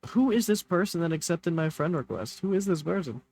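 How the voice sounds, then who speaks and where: A young man streaming a game live, chatting to his viewers, a little tired, with loud bursts of excitement. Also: a little high, fairly quick. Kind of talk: live gaming commentary.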